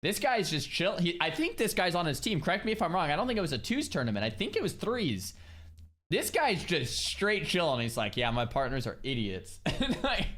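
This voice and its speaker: A man's voice: high-pitched, sing-song, a little fast, a bit bright. A young man streamer giving casual, laughing reaction commentary and often restarting his sentences.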